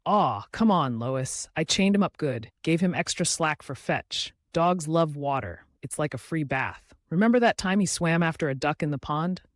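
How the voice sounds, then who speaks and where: A man's voice: fairly high pitch, animated, moderate pace, hardly any pauses, dry recording, clean studio sound, lightly acted. A man voicing a boastful, dim-witted cartoon dad who talks in a brash, dismissive, jokey way. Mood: careless.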